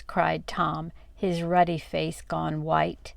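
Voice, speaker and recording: An older woman reading a storybook aloud expressively, dropping low and soft on the narration tags. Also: flat delivery, takes it slowly, vocal fry, few pauses, dry recording.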